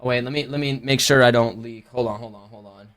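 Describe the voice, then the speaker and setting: A man's voice: mid-range voice, steady tone, quick pace, fairly bright tone. A man livestreaming, chatting casually to his viewers in a rambling, slangy way that keeps correcting itself. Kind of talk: casual chat to a stream chat.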